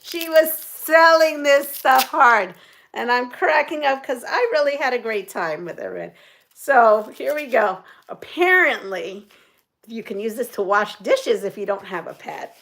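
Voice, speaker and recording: A woman's voice: fairly high pitch, sing-song, unhurried, creaky, fairly bright tone. A woman hosting a quilting channel, chatting casually and rambling as she shows off items, laughing often. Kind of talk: casual show-and-tell chat. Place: home sewing room.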